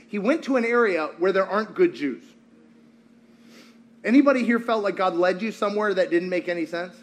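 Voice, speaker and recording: Animated high-voiced male preacher. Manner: animated storytelling with acted-out quotes. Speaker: pastor. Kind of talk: sermon.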